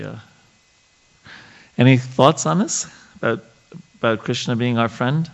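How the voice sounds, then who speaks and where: A man leading a scripture study class, reading passages aloud and explaining them in a halting way, with many fillers and restarts. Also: mid-range voice, creaky, highs cut off.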